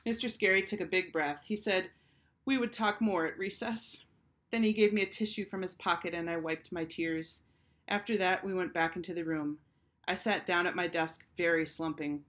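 Woman teacher, lower voice, expressive storybook read-aloud for kids. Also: normal speed. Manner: expressive first-person storytelling.

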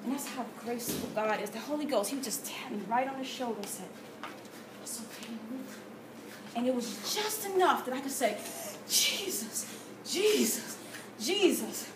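Woman with a high voice sharing an animated testimony, recorded from far off in a roomy space. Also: fast, few pauses. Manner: animated storytelling with gasps and quoted prayers. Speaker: testimony speaker. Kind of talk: church testimony. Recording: echoey room from far off with noise.

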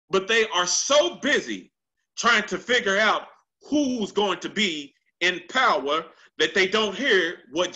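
Holding a handheld mic in a church sanctuary, a male pastor from the United States delivers his Sunday sermon in a high, pushed, bright voice. He repeats lines to stress them and stretches quoted scripture into long, swooping phrases, all captured in a rough recording.

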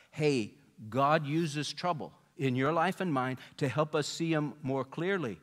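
A man's voice: takes it slowly, hardly any pauses. Man preaching a storytelling sermon. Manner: storytelling, voicing quoted people with rising pitch and volume. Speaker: pastor.

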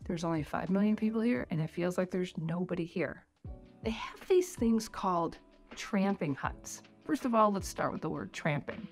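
Chatty American woman, lower voice, music under. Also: expressive, moderate pace. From United States. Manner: chatty, rambling, heavy use of "like". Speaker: vlogger giving tips on life in New Zealand. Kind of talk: casual talking-head vlog.

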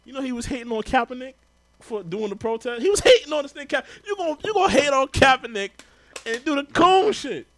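Ranting high-pitched New man. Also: animated, brisk, a bit bright. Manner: heated, ranting, swears constantly. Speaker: podcast co-host. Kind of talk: profane casual commentary.

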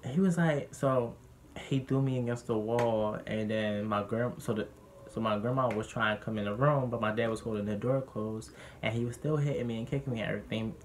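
A young man vlogging, candidly telling a personal story in a lively, animated way that gets heated when he quotes others. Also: on the low side, fairly quick, a little hiss or hum.

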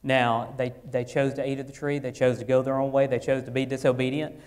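A pastor delivers his sermon in a medium-pitched man's voice. He leans into key phrases with rising force, then settles back to a quieter, plain tone, often restarting his words as he goes. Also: flat delivery, brisk. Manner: earnest preaching, swells louder then drops low, with repeated restarts.

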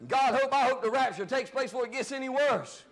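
High-pitched shouting preacher. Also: male voice, a little fast. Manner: shouting preacher, drops to low asides. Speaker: pastor. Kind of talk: fiery sermon.

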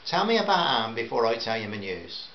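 A man doing a gentle, earnest husband. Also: mid-range voice, sing-song, fairly quick, lightly acted. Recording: roomy, slightly dull, faint hiss.

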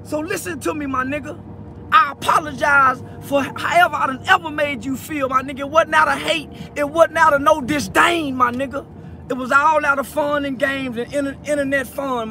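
A man's voice: very high voice, fairly even intonation, normal speed, sharp tone, a little hiss or hum. A tearful man speaking straight to camera in an emotional monologue, stammering through repeated words and pleading from the heart. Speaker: online personality addressing a peer.

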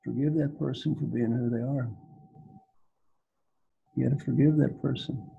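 Older male guest speaker from Kentucky, gravelly and raspy, dark tone, playful folksy delivery, video call. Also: mid-range voice, steady tone, moderate pace, lo-fi sound. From Kentucky, United States. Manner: playful, teasing, repeats phrases for effect. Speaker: guest speaker, executive coach. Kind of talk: folksy storytelling talk.

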